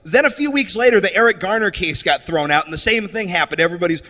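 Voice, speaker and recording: Stand-up comic, man, high and very animated delivery. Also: quick pace, long reverb tail. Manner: animated, shifts into mocking voices for characters. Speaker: stand-up comedian. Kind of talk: stand-up set. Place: comedy stage before a live audience.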